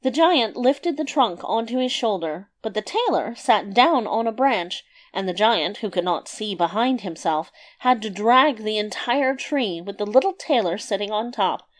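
Female narrator for a fairy tale, measured and expressive, mid-pitched. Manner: measured, expressive read-aloud delivery.

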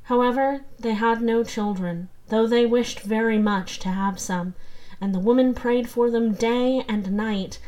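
Woman calmly narrating a fairy tale. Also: fairly high pitch, measured pace, poor audio. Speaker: storyteller. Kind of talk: storybook narration.

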